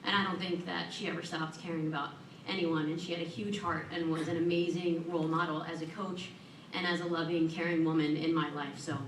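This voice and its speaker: Woman inductee, low-ish voice, earnest podium speech, echoey hall, heard from a distance. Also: flat delivery, fairly quick, hardly any pauses, a little hiss or hum. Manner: earnest and warm, with self-deprecating humor. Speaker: hall of fame inductee giving acceptance speech. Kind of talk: prepared acceptance speech. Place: large event hall at an awards ceremony. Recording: echoey room, voice from far off.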